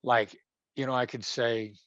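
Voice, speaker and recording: A man's voice: medium pitch, little pitch movement, a little slow, no room sound. Assertive man, dry and dull sound. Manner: demonstrates tones of voice, shifting between gentle and sharp. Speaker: former hostage negotiator, interview guest. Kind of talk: conversational interview.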